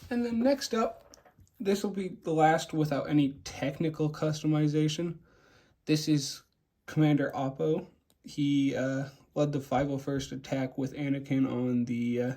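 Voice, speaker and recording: A young man talks casually as he shows off his collection, stumbling through restarts and fillers. His voice is mellow and dark-toned, sitting at an ordinary middle pitch. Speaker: toy collector reviewing custom figures. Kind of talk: casual show-and-tell.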